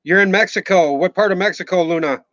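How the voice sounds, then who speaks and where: Minnesotan man, forties, somewhat high voice, joking live-stream ramble, dry muffled sound. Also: quick pace, a bit bright, no room sound. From Minnesota, USA. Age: 40s. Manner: rambling, joking, swears casually, reads out viewer names. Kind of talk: casual live stream chat. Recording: slightly muffled, dull sound.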